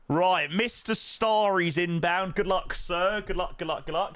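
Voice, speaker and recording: A man's voice: sits high, sing-song, a little slow, hardly any pauses, fairly bright tone, no room sound. Chatty man streaming. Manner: chatty, matey banter with frequent fillers. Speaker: flight sim streamer. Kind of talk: casual live-stream chat, answering viewers.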